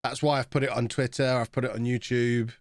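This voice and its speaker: Male streamer, thirties, mid pitch, dry close sound, loose casual chat reacting to the match. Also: flat delivery, a little fast, no echo. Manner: chatty, reacting to the game as it plays. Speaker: game streamer.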